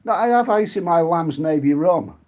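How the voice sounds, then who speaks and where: A man's voice: a little high, animated, normal speed, lo-fi sound. Rambling, chatty British man hosting a live stream. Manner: rambling, chatty, restarts often, reads viewer comments aloud. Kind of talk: casual late-night live stream chat.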